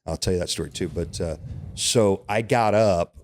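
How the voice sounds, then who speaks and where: This is a middle-aged man with a notably deep, low voice, speaking as a podcast guest. He tells an emotional personal story in a candid, conversational way. He keeps checking that his listeners follow along. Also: normal speed. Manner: candid, emotional storytelling with frequent "right?" and "you know". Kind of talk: personal storytelling in casual interview.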